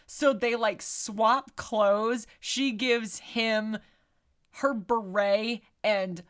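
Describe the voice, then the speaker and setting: Animated woman recapping a film. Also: on the high side, drawn-out words, clean tone. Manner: lively storyteller, swearing, laughing often. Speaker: podcast co-host. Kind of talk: casual movie recap chat.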